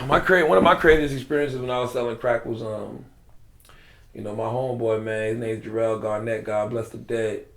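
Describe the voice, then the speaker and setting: A man's voice: mid-range voice, steady tone, moderate pace, gravelly, fairly bright tone, echoey room. A man from South Carolina with a South Carolina accent, telling a story in casual, slangy interview talk. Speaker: guest.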